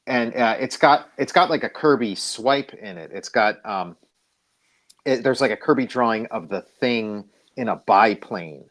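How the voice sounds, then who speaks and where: A man being interviewed as a guest, talking casually in halting phrases full of restarts and fillers. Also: fairly low pitch, lively intonation, fairly bright tone.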